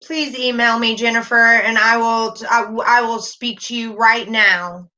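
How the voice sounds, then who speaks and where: A middle-aged woman hosting a casual livestream, talking warmly and reassuringly while reading chat comments aloud. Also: fairly high pitch, fairly even intonation, a little slow, hardly any pauses. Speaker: livestream host.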